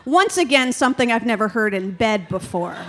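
High-voiced candid woman comic. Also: expressive, brisk. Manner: candid, rambling, self-deprecating storytelling. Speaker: stand-up comedian. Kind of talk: stand-up comedy.

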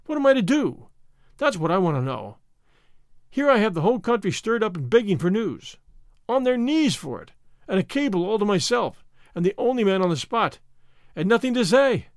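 Storybook figure: exasperated male war correspondent, excitable outbursts, animated pitch, read by a man. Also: normal speed, no room sound, studio quality. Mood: frantic.

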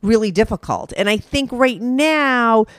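A woman's voice: on the high side, animated, unhurried, no room sound, studio quality. A woman hosting a talk show, chatting casually and earnestly giving advice. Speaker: host. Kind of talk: casual chat.

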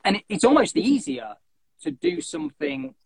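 A young man hosting a running podcast, chatting in an animated, jokey way and often cutting into his own sentences. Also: high voice, normal speed, vocal fry, poor audio. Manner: animated, jokey, self-interrupting. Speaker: podcast host. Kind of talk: casual chat.

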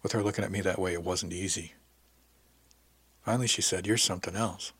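Male narrator for a first-person serial: low, husky voice, calm and even delivery. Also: fairly quick, no echo. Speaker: narrator and podcast host.

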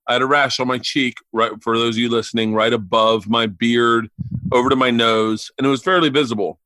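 Bright-voiced man telling profane stories. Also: medium pitch, steady tone, dry recording. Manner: profane, rapid storytelling that acts out the voices of family members. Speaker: comedian guest. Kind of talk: animated storytelling on a podcast. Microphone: remote call mic.

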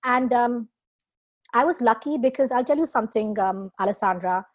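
In a relaxed interview, a female guest talks at a moderate pace with a slightly high voice. Her speech is emotional and expressive, sprinkled with frequent laughter and filler words.

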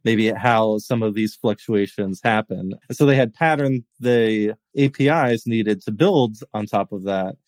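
A man's voice: fairly low pitch, unhurried, hardly any pauses, darkish tone, no echo. A man hosting a podcast, talking casually in a rambling way with many restarts. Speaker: podcast host. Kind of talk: casual chat.

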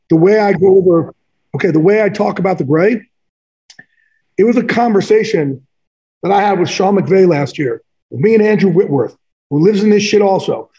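A man's voice: sits high, warm tone, highs cut off. A man, an author and athletic trainer, telling personal stories in an interview in an earnest, rambling, casual way. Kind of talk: candid personal storytelling in conversation.

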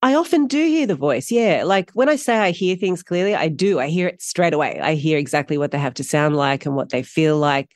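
In a relaxed interview, a middle-aged actress with an Australian accent shares stories as a guest, talking fast in animated bursts and laughing a lot. She has a deep voice, and the recording is clean studio sound without echo.

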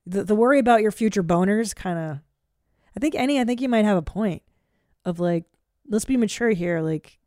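A woman hosting a podcast, chatting casually and telling stories in a blunt, profane, animated way. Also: mid-range voice, fairly quick, dry recording, clean studio sound. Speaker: podcast host. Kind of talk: casual chat.

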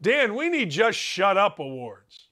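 A man's voice: high voice, very animated, measured pace, pushed and bright. A man hosting a sports talk show, ranting with sarcastic, emphatic opinions.

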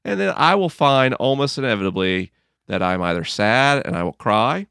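A man being interviewed about his book, telling stories in an earnest, gently humorous way and acting out his own inner dialogue. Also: medium pitch, sing-song, moderate pace, creaky, smooth, dry recording, clean studio sound. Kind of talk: reflective conversational storytelling.

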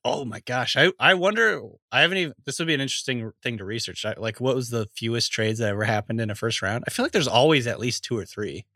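A man's voice: mid-range voice, quick pace, few pauses, sharp tone, no echo, clean studio sound. A man co-hosting a podcast in casual chat, laughing easily and musing with hesitant restarts. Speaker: podcast co-host.

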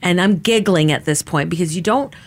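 A woman's voice: on the low side, fairly quick. A woman giving an emotional personal testimony in a casual, filler-heavy way, acting out what people said. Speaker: interviewee recounting her assault.

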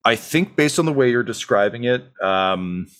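A young man narrating a tabletop game as game master, halting with many ums and uhs. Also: mid-range voice, expressive, a bit bright.

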